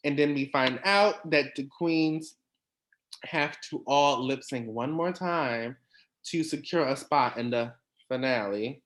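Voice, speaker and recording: Chatty man hosting a casual recap. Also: medium pitch. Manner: chatty, animated, quick asides and laughs. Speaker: podcast host.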